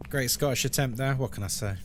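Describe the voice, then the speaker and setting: A man's voice: medium pitch, slight background noise. A man hosting a casual game live stream, joking and laughing with his chat. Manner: playful, joking, laughs often.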